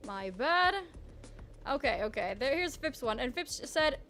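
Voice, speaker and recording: Woman streamer, high voice, casual rambling chat with restarts, soft music underneath. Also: expressive, normal speed. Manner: chatty, self-mocking, trailing restarts. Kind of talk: casual live-stream chat while drawing.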